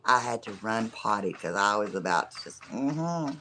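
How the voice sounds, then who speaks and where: A middle-aged live stream host with a scratchy, hoarse voice, chatting casually with viewers and rambling with lots of fillers. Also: medium pitch, expressive, normal speed, sharp tone. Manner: rambling, chatty, many fillers like "you know". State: hoarse from laughing.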